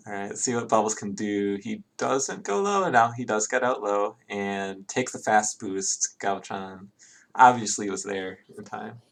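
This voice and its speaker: A man's voice: lowish voice, moderate pace, gravelly, fairly bright tone. A man doing live play-by-play commentary on an online game, chatting casually between plays. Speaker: esports commentator.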